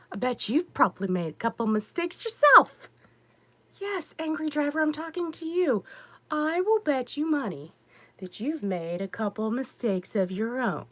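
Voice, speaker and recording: A middle-aged woman hosting a podcast, telling stories in a casual monologue that rises high when she gets exasperated. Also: dry recording. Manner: animated storyteller, rising high when exasperated. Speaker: podcast host.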